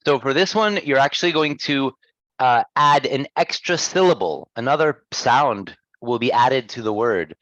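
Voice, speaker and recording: A man teaching pronunciation one-on-one, patiently modelling words and gently correcting his student. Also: medium pitch, lively intonation, moderate pace, no room sound, highs cut off. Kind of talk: one-on-one lesson.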